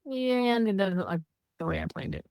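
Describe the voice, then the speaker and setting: A woman co-hosting a podcast, talking candidly in casual heartfelt chat, animated when she quotes others. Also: mid-range voice, moderate pace, creaky, no echo, studio quality. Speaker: podcast co-host.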